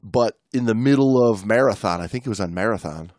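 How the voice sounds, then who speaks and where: A man's voice: on the low side, fairly quick, darkish tone, no echo, studio quality. A man co-hosting a podcast, telling stories in casual chat with many restarts and laughs. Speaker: podcast co-host.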